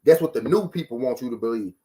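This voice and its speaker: A man's voice: medium pitch, expressive, fast, mellow, a little hiss or hum. A man hosting a boxing talk stream, ranting casually to his viewers with profanity, rhetorical questions and lines repeated for emphasis.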